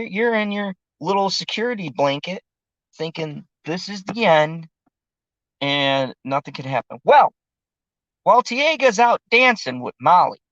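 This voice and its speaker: An adult reviewer talking through a TV episode in a casual, animated way and swearing freely. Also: mid-range voice, dry recording, dull audio. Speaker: TV show reviewer.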